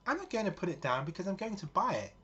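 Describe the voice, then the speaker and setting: A man voicing an upset young woman shopper who pleads in a high, breaking voice. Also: lively intonation, fast, a bit bright, breathy edge, heavily acted. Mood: pleading. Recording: dull lo-fi with faint noise.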